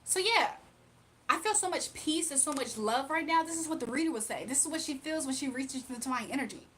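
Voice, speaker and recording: A woman talks through a spiritual reading in a casual, emphatic way, often repeating herself. Her voice sits high. Faint room ambience hums underneath. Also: animated, a little fast, fairly bright tone, slight background noise. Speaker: spiritual reader.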